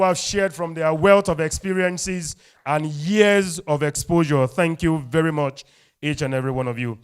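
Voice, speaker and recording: A man with a Nigerian English accent emcees a live event with energetic call-and-response. His voice is smooth and clear and sits a little high. He sounds upbeat and draws the crowd along. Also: normal speed. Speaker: event host. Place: event hall.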